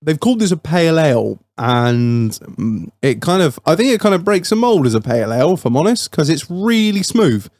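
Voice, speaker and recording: A man's voice: on the high side, sing-song, brisk, hardly any pauses, a little mellow, dry recording, studio quality. A man hosting a podcast, chatting casually and rambling as he reviews a beer, swearing often. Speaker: podcast host.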